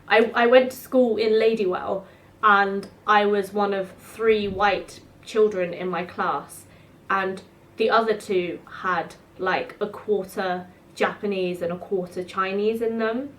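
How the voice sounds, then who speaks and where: A woman's voice: medium pitch, steady tone, slow. Chatty woman in her twenties. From South East London. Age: 20s. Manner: chatty, rambling, lots of "like". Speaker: student vlogger. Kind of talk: casual storytelling to camera.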